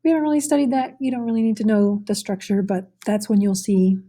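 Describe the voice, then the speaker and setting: A woman's voice: mid-range voice, steady tone, quick pace, warm tone. A woman teaching a recorded Spanish pronunciation lesson, explaining patiently with frequent fillers.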